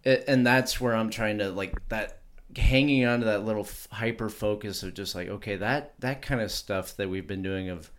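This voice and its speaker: A man's voice: fairly low pitch, normal speed, a bit bright. A man co-hosting a casual podcast about art and creativity, rambling and restarting his sentences as he thinks aloud. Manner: rambling, self-interrupting, with many restarts. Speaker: podcast co-host. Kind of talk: casual chat.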